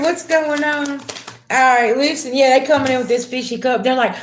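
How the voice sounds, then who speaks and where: A woman's voice: normal speed, slight background noise. Slangy woman tarot reader, roomy sound. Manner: slangy, calls viewers "babies"; swings from low murmurs to loud excited bursts. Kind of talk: live-stream tarot reading. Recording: roomy echo.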